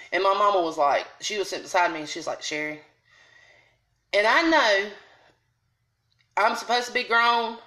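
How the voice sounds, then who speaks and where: A woman's voice: high voice, bright, forceful tone, reverberant, low-quality recording. A middle-aged woman ranting heatedly and bluntly to camera about a confrontation, in casual dialect grammar. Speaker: vlogger. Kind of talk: angry storytime rant to camera.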